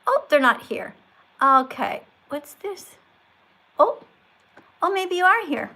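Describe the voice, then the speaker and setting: Bright-voiced woman hosting a live stream. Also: sits high, very animated, slow pace, creaky. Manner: schoolteacher tone, correcting and praising. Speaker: livestream host. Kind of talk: live-stream chat with viewers.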